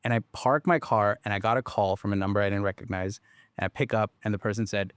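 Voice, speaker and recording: A man founder telling a story in casual conversation, rambling and animated with lots of fillers, restarts and the odd swear. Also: on the low side, quick pace, smooth, no room sound. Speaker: startup founder.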